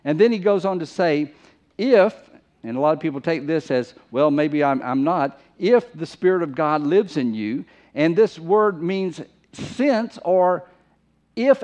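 A man's voice: high-pitched, lively intonation, a little slow, darkish tone. A man preaching a sermon in an emphatic, conversational way, often repeating phrases for stress. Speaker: pastor. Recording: muffled lo-fi recording.

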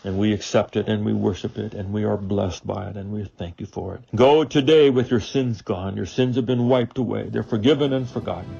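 A man hosting a daily devotional sermon, earnest and full of rhetorical questions, swinging from loud to hushed. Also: on the low side, steady tone, normal speed, creaky, hardly any pauses, husky, dull audio. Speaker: preacher and radio show host.

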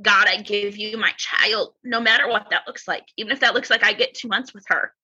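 Woman, casual faith chat; earnest and rambling, very bright but husky, slightly dull recording. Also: medium pitch, fairly even intonation, fairly quick.

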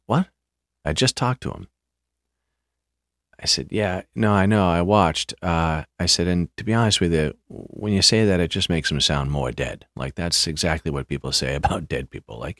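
A man hosting a podcast, telling a story casually in a halting way, often repeating words, with dry understatement. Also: very deep voice, fairly bright tone, no echo. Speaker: podcast host.

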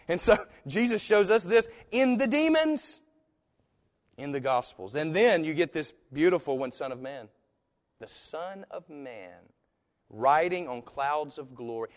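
A pastor preaches a sermon in a slightly high voice, speaking conversationally and telling stories in an animated way with asides. The recording has the echo of a hall.

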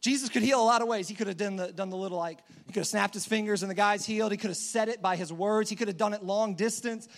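A man's voice: high voice, fast, hardly any pauses. A man preaching a sermon in a casual, conversational storytelling manner.

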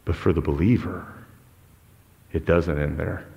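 A man preaching a sermon with passion, moving between loud outbursts and low, intense tones. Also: fairly even intonation, measured pace, gravelly, big-room sound, muffled recording. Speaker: pastor.

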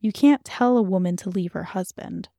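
A woman's voice: mid-range voice, normal speed, gravelly, dark tone, dry recording, studio quality, lightly acted. Woman reading as a curt, guarded churchgoing mother.

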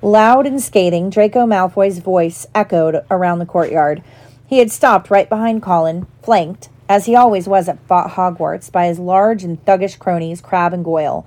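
A woman reads a storybook chapter aloud as narrator, keeping a steady, measured pace between the character voices. Her narration stays plain and even. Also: fairly low pitch. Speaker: audiobook reader.

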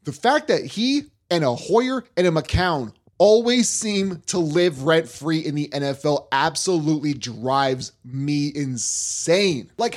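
A man hosting a sports talk podcast, ranting in a worked-up, animated way. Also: fairly high pitch. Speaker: podcast host.

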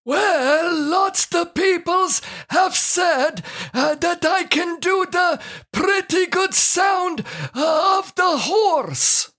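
A woman voicing a bumbling married man in a scripted comedy sketch, speaking halting broken English full of "uh" fillers. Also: very high-pitched, a bit bright, full character voice. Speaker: co-host of a comedy show.

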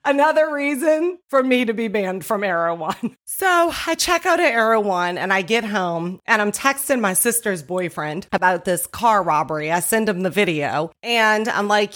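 Animated woman telling a comic story. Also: mid-range voice, moderate pace. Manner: animated, laughs often, emphatic.

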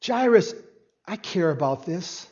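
A man preaching a sermon, earnest and expressive, swinging from hushed, quiet passages to emphatic ones. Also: sits high, unhurried, muffled recording. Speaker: pastor.

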